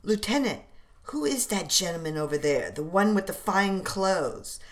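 A woman's voice: medium pitch, lively intonation, moderate pace, natural voice. A woman voicing a composed male British general asking formal questions of his officers. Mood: curious.

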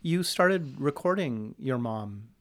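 A woman's voice: rumbling low, animated, slow pace. A woman interviewer asking open questions and affirming her guest in a casual conversation. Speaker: interviewer, host.

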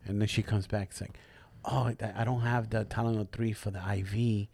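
A man's voice: fairly low pitch, a little fast, gravelly. A man hosting a podcast, telling a story casually with lots of swearing and acting out the people in it. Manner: profane, animated, acts out quoted voices. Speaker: podcast host.

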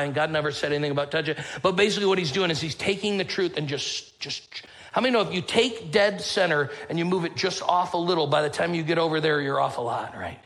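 A man's voice: fairly high pitch, fast talker, a bit bright, rough recording. A man preaching a sermon as pastor, talking in a loose, conversational way and joking as he tells stories. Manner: conversational, joking storyteller with a casual drawl.

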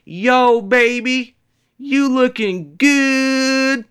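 A man voicing a brash young man who catcalls a woman, drawn-out and high. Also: a bit bright, clear, resonant tone, exaggerated voice. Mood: swaggering.

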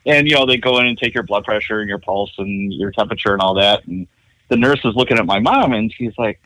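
A man's voice: fairly low pitch, fast, bright, forceful tone, no room sound, poor audio. A man in his fifties, from Chicago, telling rambling, wry stories about his family and childhood in a casual chat. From Chicago, USA. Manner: rambling anecdotal storyteller, wry. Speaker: podcast guest.

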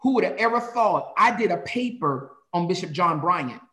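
Animated pastor with a high voice. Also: male voice, normal speed, reverberant. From North Carolina. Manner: animated storyteller, shifts into sermon cadence. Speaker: pastor, guest. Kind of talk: conversational interview, preacherly.

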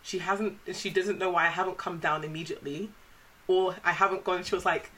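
A woman co-hosting a podcast, chatting casually and telling animated stories with bursts of laughter. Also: fairly low pitch, a little fast. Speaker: podcast co-host. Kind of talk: casual chat.

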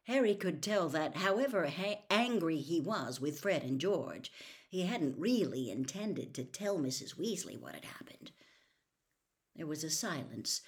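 A woman narrating a children's fantasy book aloud with a dramatic, animated delivery. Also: lowish voice. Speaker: storybook reader. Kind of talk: expressive audiobook narration.

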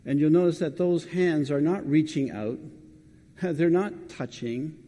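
A man's voice: fairly high pitch, measured pace, warm tone. Man preaching in a reverberant hall. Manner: conversational, questions the congregation directly. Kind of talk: sermon.

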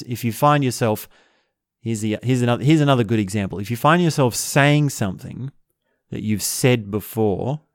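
With a medium-pitched voice and studio-quality audio free of room sound, a man hosts a self-help video. He covers a practical tip casually, drifting playfully and laughing as he goes.

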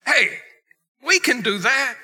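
Bright, high and brash, these mocking soothsayers bluster and brag in loose slang, as a preacher puts them on. The voice rings sharp and tense. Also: male voice, sing-song, slow, husky, full character voice. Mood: taunting. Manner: taunting, brash, casual slang. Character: boastful Egyptian soothsayers, male, mocking.

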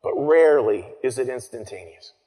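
A man preaching a sermon, earnest, repeating phrases and dropping to soft, quiet lines. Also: medium pitch, expressive. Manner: earnest, pauses and repeats phrases, drops to soft near-whispers. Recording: long reverb.

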